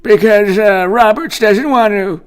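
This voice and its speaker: A man putting on a high, quavering voice as a boastful very old senator. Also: a little slow, smooth.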